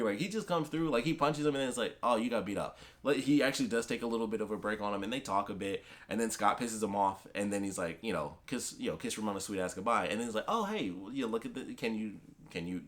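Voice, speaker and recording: A young man talks through his thoughts on a comic series in a casual vlog. He speaks quickly in a slightly low voice, rambling and excitable, full of restarts and fillers. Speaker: comic book vlogger. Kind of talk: casual chat.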